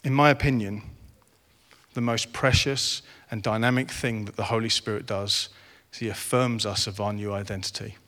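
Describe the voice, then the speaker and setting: A man's voice: on the low side, steady tone, normal speed, a bit bright. A man in his forties preaching a sermon, earnest and rising to impassioned. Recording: reverberant hall.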